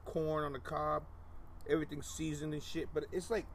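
A man's voice: on the high side, flat delivery, moderate pace, slight background noise. A man telling loose, profane stories on a podcast and dropping slang into casual chat. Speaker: podcast host.

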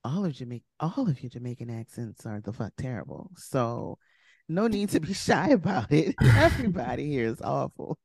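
A woman's voice: very deep voice, sing-song, moderate pace, darkish tone, breathy edge, no room sound, studio quality. A woman co-hosting a podcast in casual chat, blunt and sarcastic. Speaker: podcast co-host.

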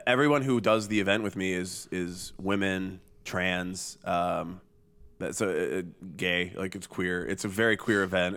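A man with a very low, deep voice chats loosely on a podcast. He jokes, trails off and restarts his sentences often, filling gaps with "uh" and "like.". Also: gravelly, fairly bright tone. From Chicago area. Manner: rambling, joking, many fillers and restarts. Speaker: podcast guest, emo night organizer. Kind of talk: casual podcast chat.

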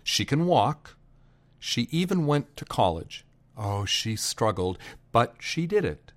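A man telling a personal family story to listeners, unhurried, pausing for effect, and raising his voice for quoted shouts. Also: mid-range voice, sing-song. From Boston area.

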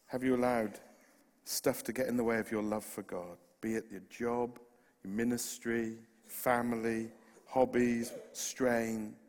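A man's voice: medium pitch, little pitch movement, unhurried, a little mellow. A man with a West Country accent preaching a sermon, earnest and impassioned, with humorous asides. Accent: West Country English. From West Country, England. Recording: long hall reverb.

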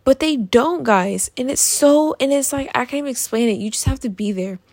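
A woman's voice: high voice, fairly quick, a little mellow, no room sound. A young woman in a casual vlog, ranting in an exasperated, profane way about things that annoy her. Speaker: vlogger.

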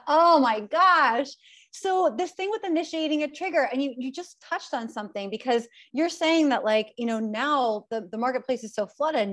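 A woman hosting a podcast, chatty and full of likes and you-knows. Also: a little high. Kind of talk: podcast conversation.

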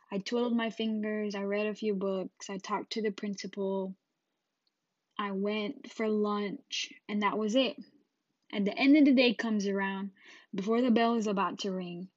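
A Jamaican woman hosting a podcast tells a personal story in an animated, casual manner, acting out the scenes as she goes. Her voice is mid-pitched, and the recording is dull and dry with no echo.

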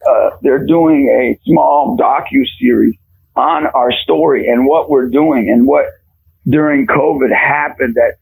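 A man with a gravelly, husky voice tells a fervent faith story as a radio guest, now and then shouting for emphasis. His voice sits a touch high for a man, and the sound is close and dry. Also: measured pace, no echo, poor audio. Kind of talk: animated faith testimony.

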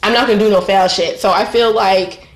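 A woman spins a story in a casual chat, blunt and full of profanity. She keeps her voice at an ordinary middle pitch. The sound is roomy and echoey. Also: fairly even intonation, brisk. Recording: roomy echo.

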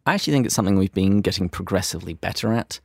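A man's voice: deep voice, animated, very fast, creaky, husky, no echo. An Australian man co-hosting a podcast, chatting playfully and chuckling often as he talks from a closet recording studio. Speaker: podcast co-host. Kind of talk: casual chat.

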